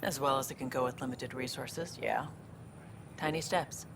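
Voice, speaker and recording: A worn-out station worker in a video game, speaking plainly. Her voice is very deep and gravelly, heard over a noisy background. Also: normal speed.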